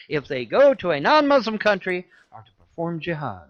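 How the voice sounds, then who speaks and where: High-voiced man ranting angrily. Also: big pitch swings, normal speed, hardly any pauses. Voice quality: loud, cursing, repeats himself. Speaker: ranting video creator. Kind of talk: angry profane rant. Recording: dull lo-fi audio.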